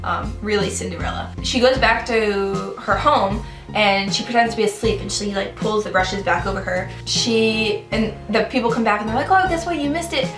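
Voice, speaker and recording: A woman's voice: medium pitch, steady tone, moderate pace. A young woman casually reviewing a book and retelling a fairytale in a loose, chatty way full of "like" and "um". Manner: chatty, loose, many fillers like "like" and "um". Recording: roomy room with music in the background.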